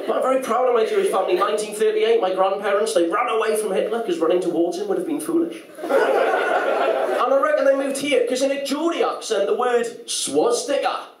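A young man from North East England with a slightly posh northern accent, delivering a stand-up comedy set with dry, deadpan timing. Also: sits high, far from the mic. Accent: slightly posh northern English. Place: pub comedy room. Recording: loud noisy roomy pub recording from afar.

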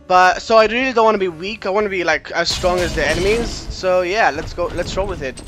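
Chatty young gamer guy, high voice. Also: brisk. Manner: chatty, goofy, reacts out loud. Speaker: let's play gamer. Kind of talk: casual gameplay commentary.

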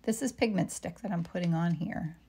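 Lady painter chatting on a livestream, reads comments, talks to herself, kinda gravelly and low. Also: a little fast, dark tone. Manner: chatty, reads viewer comments aloud, murmurs to herself while working. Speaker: painter live-streaming a demo. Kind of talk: casual live-stream chat while painting.

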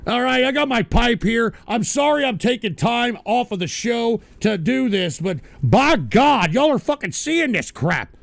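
A man hosting a radio show, ranting and swearing in exasperation and often shouting. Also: very high voice, lively intonation, moderate pace, gravelly, few pauses. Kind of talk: angry on-air rant.

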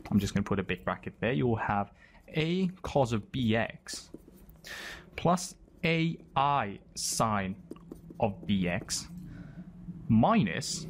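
A man's voice: fairly low pitch, slight background noise. A man explaining a maths problem step by step, pointing at terms as he writes them. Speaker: maths tutor. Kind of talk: explaining maths while writing.

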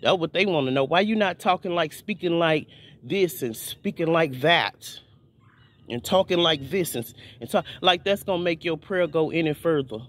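A man's voice: a little high, normal speed. A man preaching in an informal video sermon, fervent and repetitive, often restarting his phrases.

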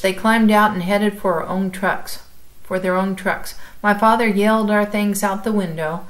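A woman calmly reading a chapter book aloud, as if to a class. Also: medium pitch, rough recording. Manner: calm, measured storytelling.

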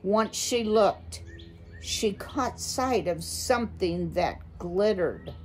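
A woman slowly reading a children's chapter book aloud to listeners. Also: medium pitch, lively intonation. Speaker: storyteller.

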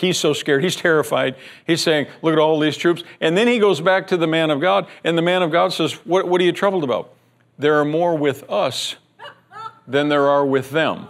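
A man preaching a sermon as pastor, telling a Bible story with lively acted-out lines, repeating words as he goes, and sinking into a hushed prayer. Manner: animated storytelling, acting out the scared servant in a high strained voice; drops to a hushed, low prayer.

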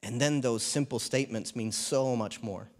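This is a man from New Zealand, aged thirties or forties, giving a church sermon with a relaxed, talky delivery and lighthearted asides. His pitch is medium and his speed normal.

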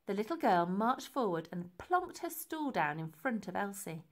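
A woman reading a children's book aloud, expressive and unhurried. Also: medium pitch. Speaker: reader. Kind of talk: storybook read-aloud.

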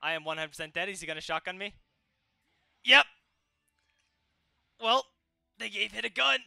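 Excitable young man yelping over gameplay. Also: high voice, normal speed, creaky, clear, resonant tone, no room sound. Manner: excitable, yelps and shouts at the action. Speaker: gaming channel host. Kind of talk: live gameplay commentary.

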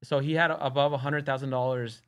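Male podcast guest, mid-pitch, lively storyteller who voices other people's lines. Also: brisk. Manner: animated, acts out quoted dialogue. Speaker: podcast guest, real estate wholesaler. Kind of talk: casual storytelling.

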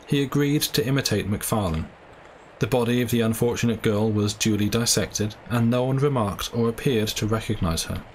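A man reading a classic short story aloud in a steady storytelling manner. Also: on the low side, moderate pace, a little hiss or hum, poor audio. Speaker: audiobook reader.

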